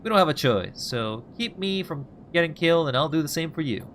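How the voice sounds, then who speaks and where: A man's voice: on the high side, lively intonation, brisk, fairly bright tone, slight background noise, pitched above the performer's own voice. A man voicing a jittery, scruffy male ex-bounty hunter, talking sarcastically and pleading, as he reads game dialogue aloud.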